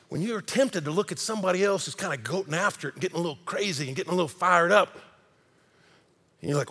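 A man preaching a sermon, impassioned, swinging between loud emphasis and hushed intensity. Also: sits high, very animated, fast talker, slightly rough. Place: large church sanctuary. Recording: long hall reverb.

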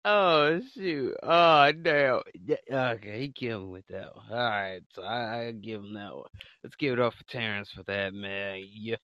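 Asking the questions in a relaxed, slangy podcast conversation, this male co-host has a medium-pitched, bright, forceful voice at a measured pace. The slightly muffled lo-fi mic sounds dry, with no room sound.

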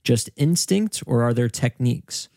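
A man's voice: mid-range voice, lively intonation, unhurried, creaky, warm tone, no echo, studio quality. A young man co-hosting a casual podcast, easygoing and teasing as he runs through listener questions. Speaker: podcast co-host. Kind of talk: casual chat.

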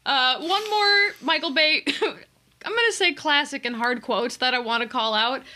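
A young adult woman co-hosting a casual movie review podcast, chatty and quick to laugh, swearing now and then. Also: high voice, bright, forceful tone. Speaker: podcast co-host.

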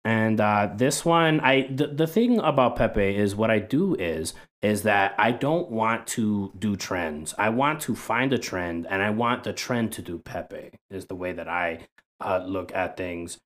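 A man's voice: lowish voice, expressive, measured pace. A young man guest on a podcast, chatting casually and rambling with many fillers. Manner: rambling, soft-spoken, with frequent fillers. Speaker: guest, content creator.

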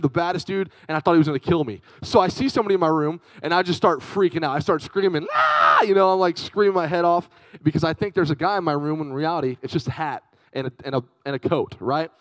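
A young man preaching to a youth group with a fairly high voice, swapping between storytelling and shout-outs to the crowd. His delivery is chatty and lively, and the sound is close and dry with little room echo. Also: quick pace. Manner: lively, chatty, calls out to the audience. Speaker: youth speaker. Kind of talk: youth sermon with personal storytelling.

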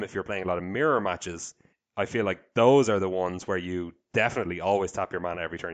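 Deep-voiced man talking card strategy. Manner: measured, thinks aloud with hesitations. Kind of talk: casual card-game strategy chat.

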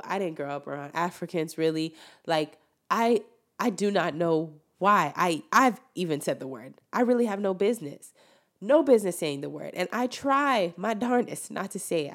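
A young woman hosting a casual opinion monologue, preaching with emphatic, animated delivery and sudden loud peaks. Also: on the low side.

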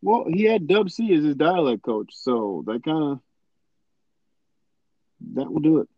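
Podcast co-host, man, somewhat high voice, animated and joking, dry slightly muffled sound. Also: a little slow, dry recording. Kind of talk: casual chat.

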